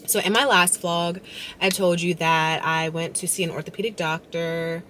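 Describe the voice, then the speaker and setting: A woman's voice: lowish voice, normal speed. A woman chatting casually to her vlog viewers while out in her car, talking to a phone camera. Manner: chatty, animated, frustrated storytelling. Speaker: vlogger. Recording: loud road and car noise. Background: car and traffic noise.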